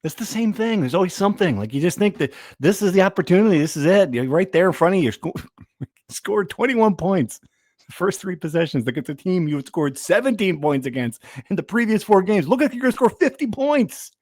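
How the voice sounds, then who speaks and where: A man's voice: sits high, animated, brisk, a little mellow, no room sound, studio quality. A man hosting a casual sports podcast, rambling and trailing off as he talks. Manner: rambling, self-deprecating, trails off. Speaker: podcast host.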